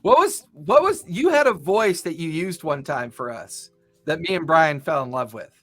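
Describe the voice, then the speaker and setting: A man hosts a podcast in casual chat, rambling and tripping over repeated words. His voice sits slightly high. Faint music plays behind him. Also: sing-song, moderate pace, fairly bright tone. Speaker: podcast host.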